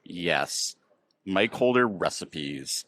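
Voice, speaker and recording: American guy, lowish voice, rambling chatty host, lots of ums. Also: lively intonation, very slow, fairly bright tone. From United States. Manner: rambling, filler-heavy storytelling. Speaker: podcast host. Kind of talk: casual chat. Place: outdoors near a train station.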